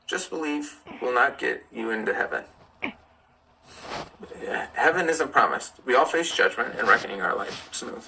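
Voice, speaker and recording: A man's voice: fairly high pitch, pushed and bright, rough recording. A young man hosting a live stream, chatting casually and telling personal stories with candid asides. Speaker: livestream host. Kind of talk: casual live chat and storytelling.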